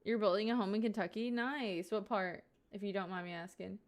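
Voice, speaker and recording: Smooth-voiced chatty young woman streamer. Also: mid-range voice, fairly quick. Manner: chatty, playful, giggly, rambling. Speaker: live streamer. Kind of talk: casual chat with live viewers. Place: at home, sitting.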